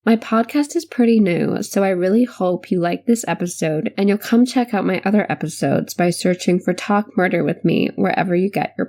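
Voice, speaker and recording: A woman's voice: fairly low pitch, dark tone. A woman with a cold and a nasal voice, guest hosting a true crime podcast in scripted narration.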